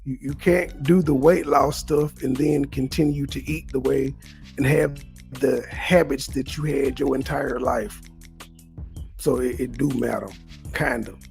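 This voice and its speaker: A man's voice: medium pitch, steady tone, a little slow, vocal fry, a little mellow, soft background music. A man live-streaming commentary on clips in a wry, mocking, argumentative way.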